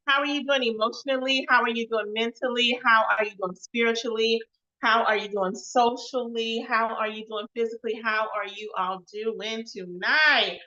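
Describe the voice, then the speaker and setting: A woman hosting a live web show, chatting casually and loudly. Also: fairly high pitch, normal speed, highs cut off. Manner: chatty, upbeat and loud, calls out to the chat. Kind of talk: casual livestream chat.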